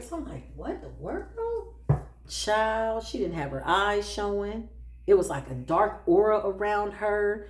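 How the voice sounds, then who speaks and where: Animated sassy woman storyteller, roomy echo. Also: mid-range voice. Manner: animated, sassy, laughs often, acts out quotes. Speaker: spiritual practitioner. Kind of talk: casual storytelling monologue.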